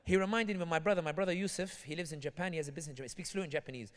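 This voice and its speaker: British-accented man, from Tunisia, rapid and animated delivery, higher-pitched voice, long hall reverb, acts out characters in his anecdotes. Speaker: guest speaker. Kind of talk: community talk with humorous anecdotes. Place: large hall at an Islamic center.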